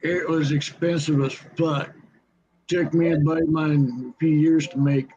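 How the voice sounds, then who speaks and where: A man telling animated stories in a casual chat. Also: on the high side, unhurried, breathy edge, muffled recording. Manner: animated anecdote teller. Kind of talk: casual storytelling.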